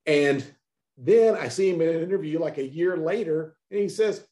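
A man's voice: on the high side, expressive, moderate pace, dark tone, roomy sound. A man co-hosting a podcast, giving wry, emphatic opinions in casual chat. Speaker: podcast co-host.

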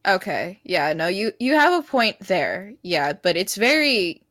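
A woman's voice: mid-range voice, very animated, measured pace, a bit bright, dry recording, clean studio sound. A woman caller on a livestream who speaks bluntly and sarcastically and explains things at length. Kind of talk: casual livestream chat.

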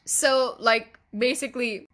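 Bright-voiced, teary young woman podcaster. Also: on the high side, fairly even intonation, measured pace. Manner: candid, emotional, laughs often, swears casually. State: teary, voice breaking at times. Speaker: podcast host. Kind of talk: confessional solo podcast monologue.

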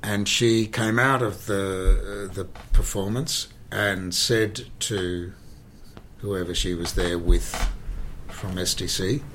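An actor, telling rambling, animated anecdotes in an interview and often repeating himself. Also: male voice, low-pitched, slow pace, slight background noise. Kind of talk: conversational interview, storytelling.

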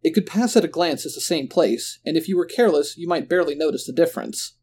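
A man telling a first-person horror story in a measured, subdued way. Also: on the high side, a little mellow, slightly rough. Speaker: narrator.

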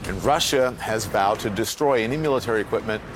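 A man's voice: on the low side, fast, noisy background. A man anchoring a morning news show, reading headlines and asking probing questions conversationally. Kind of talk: live TV news interview.

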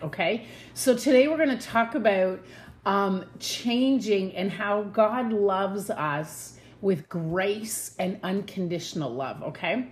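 A woman giving a casual devotional Bible talk from her home, earnest and chatty, slowing down to stress her points. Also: mid-range voice. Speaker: Bible teacher.

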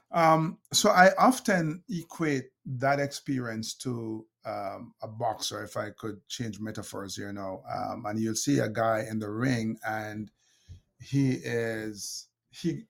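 Gravelly Jamaican man telling stories. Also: on the low side. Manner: anecdotal, laughs often, frequent fillers and restarts. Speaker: guest. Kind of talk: storytelling conversation.

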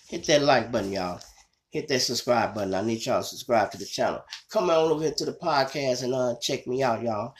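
A man with a Chicago accent hosting his own show, telling a true-crime story in a casual, conversational way and often calling his listeners y'all. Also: medium pitch. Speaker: show host.

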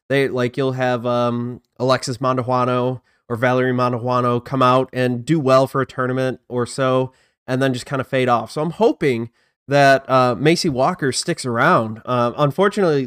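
A man's voice: mid-range voice, dry recording, clean studio sound. A man hosting a casual live-streamed disc golf news show, chatting loosely and self-deprecatingly while greeting viewers in the chat.

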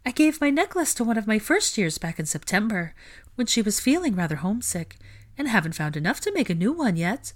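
A woman voicing a dreamy, airy teenage witch girl who speaks slowly in a floating way, in a storybook reading. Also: medium pitch, very animated, voice pushed up. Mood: dreamy delight.

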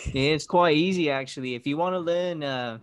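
A man's voice: on the high side, fairly quick, clean tone, no echo, studio quality, lightly acted. A man putting on a cocky Cockney bloke. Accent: Cockney put-on. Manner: swaggering, profane. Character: cheeky young British man.

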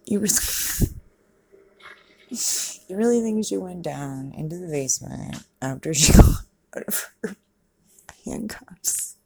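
A woman's voice: on the low side, lively intonation, slow, creaky, pauses often, a little mellow, slightly rough. A woman giving a casual, chatty commentary as she watches a movie, swearing freely and laughing and exclaiming at the screen. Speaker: movie reaction vlogger.

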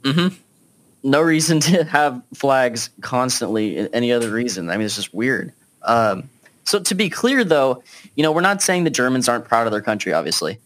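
A man's voice: medium pitch, sing-song, moderate pace, a bit bright. Laid-back male podcast host. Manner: laid-back, chatty, frequent fillers. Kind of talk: casual podcast discussion.

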